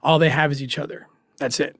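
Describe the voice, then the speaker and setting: A man, a former special agent, telling a personal story as a guest in an interview, earnest and emotional, with pauses and restarts. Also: on the high side, steady tone, fairly bright tone, no room sound, clean studio sound.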